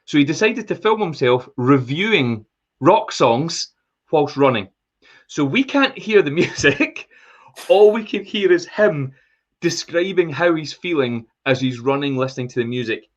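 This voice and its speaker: Excitable man, slightly lo-fi. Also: a little high, normal speed. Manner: excitable, enthusiastic storyteller. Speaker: podcast co-host. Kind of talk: casual chat.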